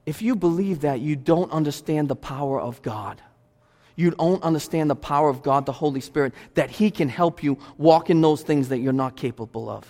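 A man's voice: a little high, moderate pace, a little mellow. A male pastor preaching a sermon in a church, with emphatic, repetitive exhortation. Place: church sanctuary. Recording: long church reverb.

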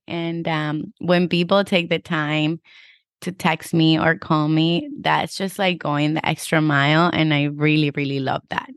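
Woman host, real estate agent, low-pitched and chatty, dry booth sound. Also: clean tone, no echo. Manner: chatty, lots of "like" and "you know". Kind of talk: casual advice chat.

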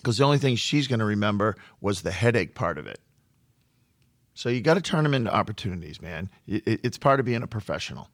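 A man who runs a flooring business tells work stories in a relaxed conversation, often repeating a word while he gathers his thoughts. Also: fairly low pitch, quick pace, no echo, clean studio sound. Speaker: flooring contractor. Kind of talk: storytelling in a podcast conversation.

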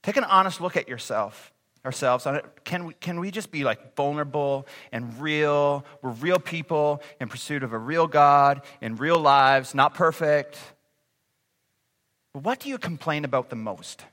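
A man preaching a sermon as pastor, animated and acting out grumbling voices. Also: on the high side, a little slow. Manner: animated, acts out complaining voices. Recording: reverberant hall.

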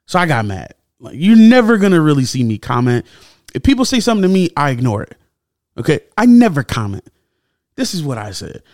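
A young man hosting a solo podcast, talking casually and with animated indignation, his voice jumping up when he gets heated. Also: fairly high pitch, fairly quick, dry recording, studio quality. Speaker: podcast host.

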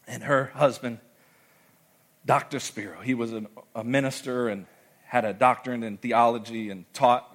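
A middle-aged man preaching a sermon, telling stories with passion and swinging from loud declarations to hushed, near-whispered moments. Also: medium pitch. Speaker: pastor.

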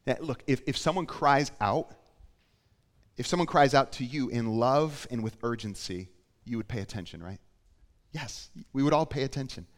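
A man preaching a sermon as pastor, moving between quiet emphasis and loud, urgent appeals. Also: medium pitch, moderate pace. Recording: long hall reverb.

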